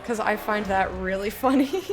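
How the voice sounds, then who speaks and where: A woman's voice: mid-range voice, normal speed. A woman streaming a game in casual chat, giggly and loose and swearing now and then as she talks with her viewers.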